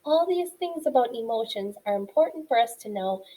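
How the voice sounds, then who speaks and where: A woman's voice: on the high side, moderate pace, low-quality recording. A woman teaching a lesson to young schoolchildren, asking them questions and explaining with everyday examples. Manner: warm, animated teacher talk with questions to pupils. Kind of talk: classroom lesson for children.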